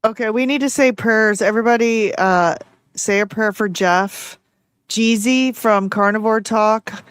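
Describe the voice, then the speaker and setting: A woman's voice: fairly high pitch, measured pace, smooth, no room sound, studio quality. A middle-aged woman hosting a casual interview, chatty and rambling, laughing as she tells stories. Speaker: host.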